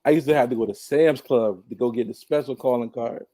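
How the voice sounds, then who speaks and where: A man telling a personal story on a podcast in a casual, animated way, laughing often and mimicking others. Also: medium pitch, brisk, no echo. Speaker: podcast guest.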